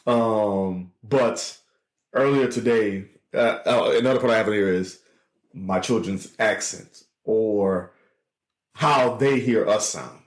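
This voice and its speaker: A man, co-hosting a casual podcast chat, playful and quick to laugh as he teases his co-host. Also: fairly low pitch, reverberant. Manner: animated, laughing often, playful teasing.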